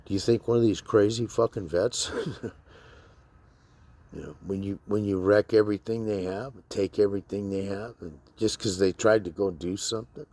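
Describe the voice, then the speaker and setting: A man's voice: fairly low pitch, moderate pace, warm tone, dry recording. A man and military veteran talking bluntly to camera in a rambling, profane monologue full of fillers.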